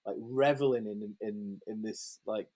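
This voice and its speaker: A man, a photographer guest telling a lively, sweary anecdote in a casual interview and acting out the quotes. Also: fairly low pitch, a little slow.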